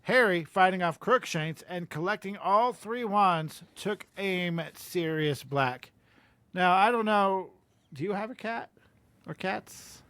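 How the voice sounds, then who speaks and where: High-voiced man, dry close sound. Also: lively intonation, slow pace, fairly bright tone, dry recording. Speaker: podcast co-host. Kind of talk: casual chat and reading aloud.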